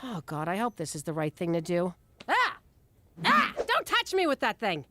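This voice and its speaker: A woman's voice: medium pitch, wildly swooping pitch, moderate pace, bright, forceful tone, slight background noise. A woman voicing a brash, theatrical mob wife and mother with a New York Italian-American accent in a cartoon.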